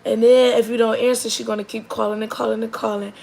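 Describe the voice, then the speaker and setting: Young mom vlogger with a gravelly voice, rambling storyteller who drifts between lively and quiet asides. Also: female voice, fast talker, rough recording. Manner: rambling and animated, with many likes and restarts; drops to a soft, low murmur for long stretches. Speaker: mother telling a story about her daughter. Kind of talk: casual storytelling to the camera.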